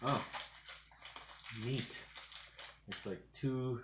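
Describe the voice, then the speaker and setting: A man reviews food at home in a casual vlog, with a slow and unhurried delivery. He rambles and hesitates, filling gaps with ums and talking while he chews. The room is echoey, with a faint hiss behind him. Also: medium pitch. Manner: rambling, hesitant, lots of fillers; talks while eating. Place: home kitchen.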